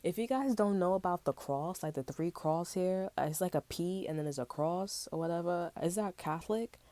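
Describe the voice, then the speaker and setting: Low mellow woman doing a chill tarot reading, slangy, rambling, cusses a lot. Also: normal speed, dry recording. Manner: slangy and rambling, swears freely. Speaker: tarot reader.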